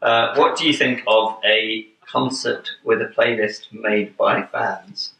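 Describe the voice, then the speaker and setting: Low, bright-toned man in a roomy space. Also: takes it slowly, gravelly. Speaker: band member reading fan questions. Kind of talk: casual chat. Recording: roomy echo.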